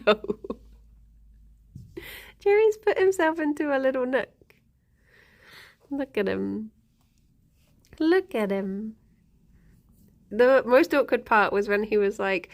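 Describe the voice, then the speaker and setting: A young woman streaming, telling a story in a casual, giggly, animated way. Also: a little high, a little slow, pauses often. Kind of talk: casual chat.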